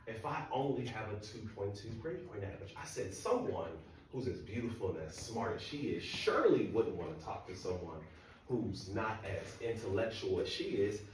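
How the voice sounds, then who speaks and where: Picked up from far off in a reverberant hall, a lowish-voiced man spins a comic story at his own expense, addressing the audience head-on. There's a bit of background noise.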